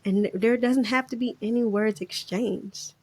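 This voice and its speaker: A woman's voice: fairly high pitch, steady tone, unhurried, breathy edge. Reflective woman podcast host. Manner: warm, reflective, laughs often. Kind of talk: faith-based conversation.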